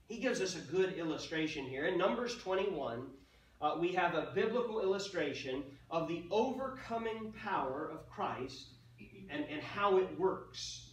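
A man's voice: high voice, recorded from a distance. Man teaching a church class, roomy. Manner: conversational, asks the class questions, slow emphatic stresses. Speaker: Sunday school teacher. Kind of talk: adult Bible class teaching. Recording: roomy sound, speaker off mic.

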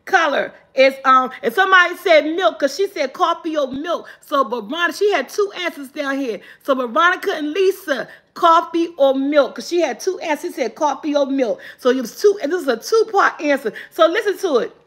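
A woman hosting a live guessing game, reading clues slowly and cheering loudly when viewers answer right. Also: high-pitched, expressive. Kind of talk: casual live-stream chat.

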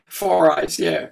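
A woman's voice: sits low, creaky, darkish tone. An older woman from Detroit, a musician telling family stories as a guest in a casual interview, chatty and laughing often. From Detroit, USA.

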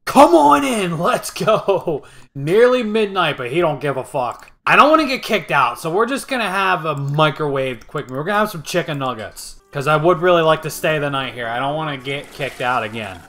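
Excitable, profane young gaming host. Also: male voice, a little high, brisk, hardly any pauses, soft background music. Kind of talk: casual gameplay commentary.

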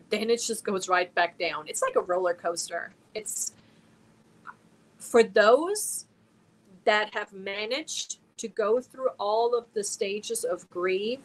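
A woman's voice: medium pitch, a bit bright, rough recording. A woman from Germany hosting a casual crochet livestream, talking earnestly and emotionally while reading viewer comments aloud. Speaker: crochet channel host.

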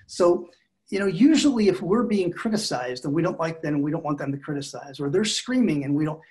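A middle-aged man speaking as a marriage expert guest in a podcast interview, calm, measured and reflective in his delivery. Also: a little high.

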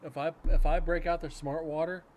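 A man's voice: on the high side, level tone, a little fast, darkish tone, a little hiss or hum. A man hosting a paranormal livestream, chatting casually in a loose, rambling way with some swearing. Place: home room with a cat nearby.

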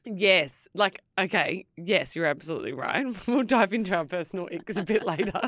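A woman's voice: lowish voice, moderate pace, a bit bright, no echo, studio quality. An Australian woman in her thirties co-hosting a podcast, chatting casually, teasing and laughing often. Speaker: podcast co-host. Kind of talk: casual chat.

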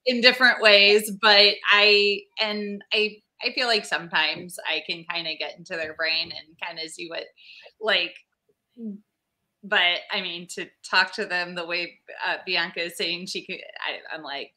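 A woman co-host answering in a halting, hesitant way, restarting her sentences. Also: on the low side, fairly even intonation, sharp tone.

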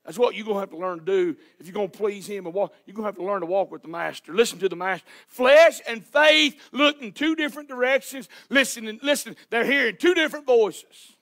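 A man delivers a sermon in a church sanctuary. His voice sits very high for a man, and he hollers his points with fervent emphasis. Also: fast, hardly any pauses, fairly bright tone. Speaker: pastor.

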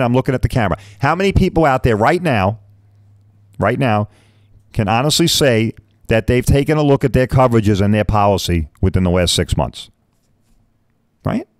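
A podcast host in his fifties talks in a mid-range voice on a dry recording. He's blunt and chatty, rambles, swears mildly, and keeps asking "right?".

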